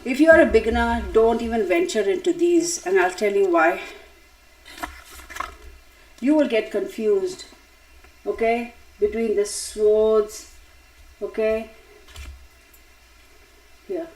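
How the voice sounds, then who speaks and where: Taking it slowly with long pauses, a woman speaks at medium pitch in a slightly mellow voice. Hosting a tarot live stream, she's chatty, digressive, and quick to laugh as she addresses viewers directly, all on a low-quality recording.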